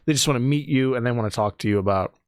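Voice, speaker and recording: A man's voice: mid-range voice, rapid-fire, clear, resonant tone, no room sound, clean studio sound. A young man, a comedian hosting a podcast, talking in a rambling, thoughtful way with frequent restarts. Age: young adult. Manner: rambling, self-correcting, thoughtful. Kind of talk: casual podcast chat.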